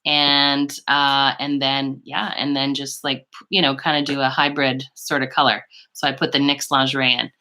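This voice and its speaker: Canadian woman beauty vlogger, low but bright voice, rambling casual live chat with her viewers. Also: little pitch movement, normal speed, hardly any pauses. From western Canada. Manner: chatty and rambling, full of fillers and asides.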